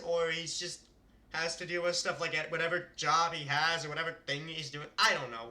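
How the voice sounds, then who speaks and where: A man's voice: fairly high pitch, bright, forceful tone. A male streamer reading a visual novel aloud and chatting about it in a rambling way, often laughing.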